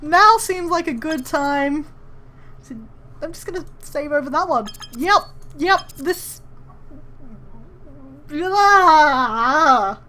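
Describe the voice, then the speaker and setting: A woman commenting on a visual novel she is playing, dropping wry jokes between readings. Her voice is bright and fairly high, and she talks slowly. Faint game music plays under her. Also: animated. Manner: wry, joking asides. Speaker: let's play host.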